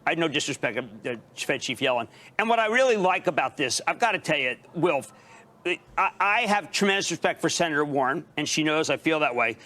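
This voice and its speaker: Bright, emphatic TV finance man. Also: a little high, brisk. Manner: emphatic, excitable, talks in bursts. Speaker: TV financial commentator. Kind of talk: broadcast market interview.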